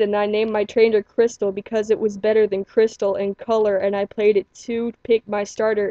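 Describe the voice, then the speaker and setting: A woman's voice: medium pitch, warm tone, dry recording. A woman in her living room, making up a scary story in long, rambling run-on sentences. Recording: dull lo-fi home recording.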